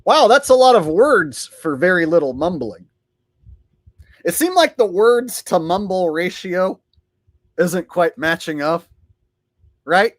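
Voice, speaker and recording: A man's voice: high-pitched, big pitch swings, slow, pauses often, no echo. A man hosting a casual commentary vlog, sarcastic and rambling, often laughing and mocking. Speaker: vlogger host.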